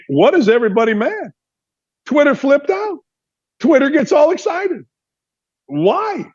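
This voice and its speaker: A man's voice: high-pitched, husky, dull audio. A man from Indiana hosting a sports talk show, delivering an emphatic opinion monologue full of rhetorical questions.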